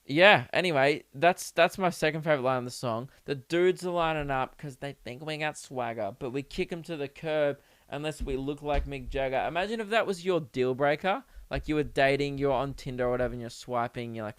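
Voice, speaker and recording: Young male comic, rambling sweary monologue, slightly high, smooth voice. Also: lively intonation, a little fast, hardly any pauses, fairly bright tone, no room sound. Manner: sweary, rambling, laughs at own jokes. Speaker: comedian podcast host. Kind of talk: casual comedic monologue.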